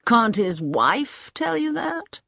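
A woman's voice: fairly high pitch, very animated, slow, creaky, no echo, clean studio sound, pitched above the performer's own voice, full character voice. Woman doing an agitated army colonel. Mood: urgent. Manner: loud exclaiming, urgent. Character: agitated male army colonel, middle-aged, impatient. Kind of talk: audiobook reading.

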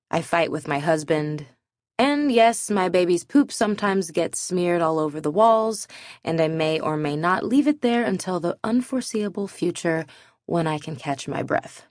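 A woman's voice: low-pitched, dry recording, clean studio sound. A woman in her thirties narrating her own memoir audiobook, earnest and candid with self-deprecating humor.

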